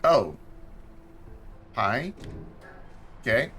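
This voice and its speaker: A man talks extremely slowly yet very animatedly while playing a game on a live stream, his mid-range voice a bit bright against slight background noise. He's chatty and thinks aloud, addressing himself and on-screen objects, with lots of mumbling and repetition.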